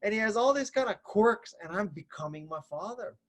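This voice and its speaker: A man's voice: high voice, animated, a little fast, fairly bright tone. A man in his fifties talking as an author guest on a podcast, joking and laughing at himself. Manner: self-deprecating, joking, laughs often. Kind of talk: casual interview chat.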